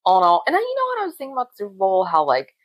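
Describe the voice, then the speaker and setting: A woman's voice: medium pitch, wildly swooping pitch, racing, breathy edge, no echo, poor audio. A woman in her forties co-hosting a podcast, chatting casually, laughing often and acting out quotes. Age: 40s. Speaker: podcast co-host. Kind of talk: casual chat.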